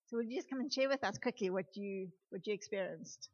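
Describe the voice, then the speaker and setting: A woman leading a youth group, giving an animated sermon and speaking straight to the young people in a church room. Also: mid-range voice, a little fast, husky. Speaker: youth leader. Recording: dull lo-fi recording.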